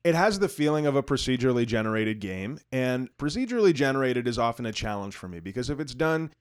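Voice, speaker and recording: A man's voice: medium pitch, very animated, fast talker, clear, resonant tone. A man co-hosting a gaming podcast, talking casually in a rambling, self-deprecating way and laughing often. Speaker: podcast co-host.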